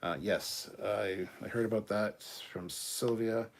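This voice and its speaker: A man's voice: lowish voice, steady tone, a little slow, a little hiss or hum. A man hosting a casual livestream, reading viewer comments and answering them in a blunt, profane, argumentative way.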